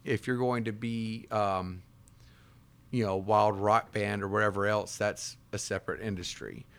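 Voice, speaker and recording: Rambling low-voiced man, casual guest. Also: moderate pace, vocal fry. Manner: rambling, animated, breaks into impressions. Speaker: guest, bartender and bass player. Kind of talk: casual chat.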